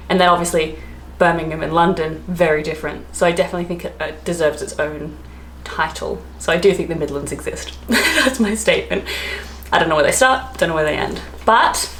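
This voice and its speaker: A woman's voice: on the low side, fairly bright tone, slight background noise. An Australian woman vlogging in casual chat, rambling with lots of fillers and asides. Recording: echoey room.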